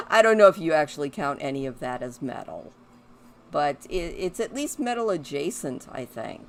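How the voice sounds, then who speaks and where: A woman's voice: low voice, lively intonation, measured pace. A woman giving casual commentary while she plays a life-sim game, chatting to her characters and rambling about music. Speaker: gaming video host.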